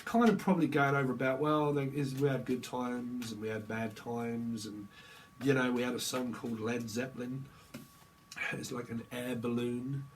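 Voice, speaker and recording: A man's voice: medium pitch, steady tone, moderate pace, slight background noise. A man giving a jokey, rambling tarot reading, drifting between silly asides. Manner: jokey and rambling, slips into silly voices and snatches of song. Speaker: tarot reader.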